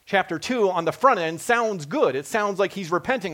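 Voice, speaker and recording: A man delivering a lively sermon in a slightly raised voice. He preaches with animation and acts out the lines he quotes. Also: high voice, normal speed.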